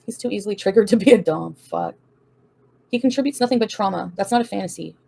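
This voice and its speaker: A woman hosting a relaxed livestream reads out chat comments and answers them with blunt, defiant profanity, laughing often. She talks quickly in a mid-range voice that is creaky, dark and a bit breathy.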